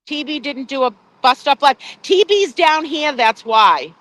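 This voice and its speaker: A woman's voice: high voice, expressive, unhurried, a bit bright. A woman live streaming by phone outside a courthouse, chatty, greeting viewers by name and swearing casually. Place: outdoors at a courthouse.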